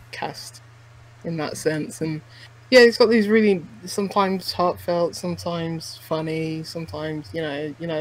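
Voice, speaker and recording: A man's voice: a little high, low-quality recording. A man co-hosting a podcast, chatting casually about a game he played, rambling and full of fillers and restarts. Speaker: podcast co-host. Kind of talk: casual chat reviewing a game.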